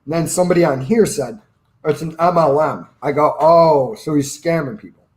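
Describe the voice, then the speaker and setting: A man's voice: a little high, normal speed, a little mellow. A man who runs a personal finance channel, chatting casually and telling opinionated stories with quoted asides. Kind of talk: casual livestream chat.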